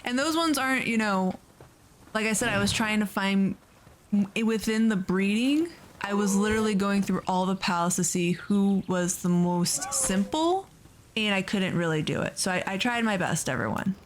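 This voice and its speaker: A woman's voice: medium pitch, moderate pace, slight background noise. A woman hosting a let's play video, giving casual, chatty gameplay commentary and gushing over the creatures she raises.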